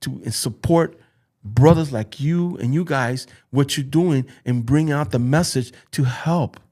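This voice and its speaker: A man's voice: mid-range voice, a little slow, darkish tone. A man speaking as a podcast guest and youth football coach. He tells personal stories earnestly and emotionally, often stopping to repeat and restart his phrases.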